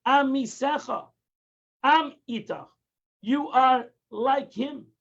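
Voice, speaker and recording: A man's voice: high voice, lively intonation, measured pace, vocal fry, lo-fi sound. A man teaching a daily Tanya lesson, explaining patiently, repeating and restarting phrases and mixing in Hebrew terms. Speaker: Torah teacher.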